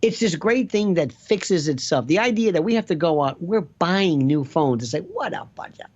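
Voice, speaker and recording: A man's voice: fairly high pitch, normal speed, dull audio. A man rambling animatedly as a guest on a casual talk show, jumping between thoughts. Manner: rambling, animated, slips into quoted voices. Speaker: guest commentator. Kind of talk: casual chat.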